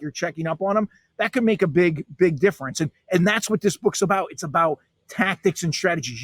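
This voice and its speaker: A man's voice: sits high, no room sound. A man, a guest author in a podcast interview, talking in an emphatic, punchy storytelling way.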